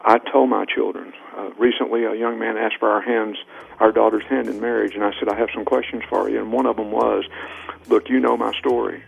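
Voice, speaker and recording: A man's voice: lowish voice, steady tone, brisk, gravelly, slightly rough. A middle-aged man, a leadership trainer, earnestly telling stories as a guest in a radio interview. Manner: earnest anecdotes, acting out quoted dialogue. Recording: tinny phone line on radio.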